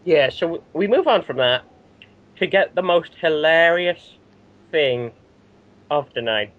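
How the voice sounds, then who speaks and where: A British man hosting a casual wrestling recap chat, animated and often laughing as he acts out quotes. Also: on the high side, measured pace. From Britain. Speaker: show host. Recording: dull lo-fi audio.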